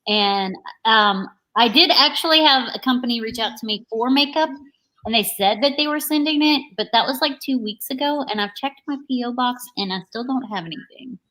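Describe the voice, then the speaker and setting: A woman's voice: fairly high pitch, normal speed, bright, forceful tone, low-quality recording. A woman in a casual video-call chat who mostly answers in brief, supportive interjections.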